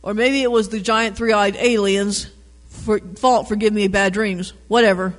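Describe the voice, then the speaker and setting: Man reading a picture book aloud, high voice, animated with chatty asides; long room reverb. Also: moderate pace. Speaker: reader.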